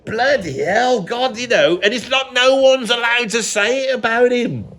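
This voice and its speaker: A man's voice: extremely high pitch, unhurried, fairly bright tone. A middle-aged British man, a musician, ranting in a blunt, sarcastic, rambling way. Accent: British English. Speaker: musician and vlogger. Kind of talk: opinionated rant.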